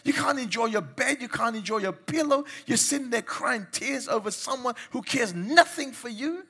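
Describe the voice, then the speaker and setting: A man preaching with a high, bright voice that carries a husky edge. He exhorts his listeners in emphatic bursts and mimics the people he mocks to make his point. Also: lively intonation, normal speed. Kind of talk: sermon.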